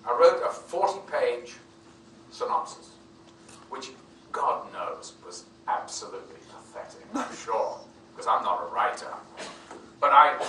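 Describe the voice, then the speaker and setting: Animated storytelling man in an echoey hall. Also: mid-range voice. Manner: animated, acts out other people's voices in quotes. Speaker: film actor interviewed as guest. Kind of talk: anecdotal storytelling. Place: convention venue. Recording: echoey room, distant mic, faint noise.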